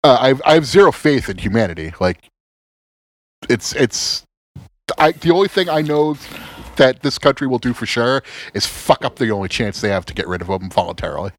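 A man's voice: mid-range voice, normal speed. A man talking casually as a podcast co-host, sarcastic and profane, often stammering and restarting his sentences. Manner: animated, sarcastic, swears a lot, stammers and restarts.

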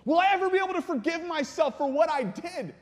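A man voicing an anguished, blinded young man who pleads with God in a strained, high voice. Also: big pitch swings, moderate pace, a little mellow. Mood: pleading. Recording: long reverb in a hall.

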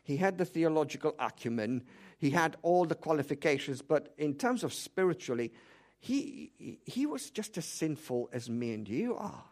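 A man's voice: on the high side, very animated, moderate pace, a little mellow. A man preaching a sermon, emphatic and direct, firing rhetorical questions at the congregation. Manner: direct, speaks to the congregation as "you".

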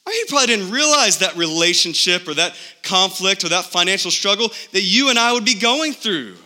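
Preaching as a pastor, this man speaks in a high, bright, forceful voice with lively intonation and a slightly fast pace. His sermon is emphatic and loaded with rhetorical questions, echoing with a large hall's long reverb.

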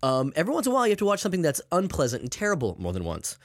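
A man's voice: fairly high pitch, rapid-fire, no echo, clean studio sound. A man co-hosting a casual podcast, rambling and swearing freely as he tells stories. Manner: animated, rambling, swears often. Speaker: podcast co-host.

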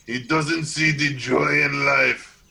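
A man playing a lecherous, boastful male painter who talks in a slow, coaxing way. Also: fairly high pitch, steady tone, gravelly, a crowd in the background. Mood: leering.

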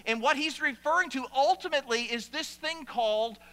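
A man preaching a sermon as pastor in a church, animated and playful with asides to the congregation. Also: very high-pitched, a little fast. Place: church sanctuary. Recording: long hall reverb.

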